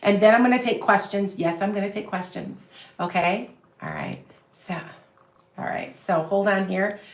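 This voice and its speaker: With big pitch swings in a medium-pitched voice at normal speed, a Chicago-accented psychic medium from the Midwest talks casually on a livestream. She rambles confidently and chattily into a phone on a stand, in a space with roomy echo.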